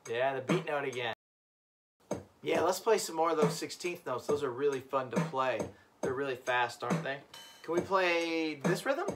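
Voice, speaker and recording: A man's voice: a little high, normal speed. A man teaching a children's music lesson, encouraging the class and chanting rhythm syllables. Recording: loud background noise.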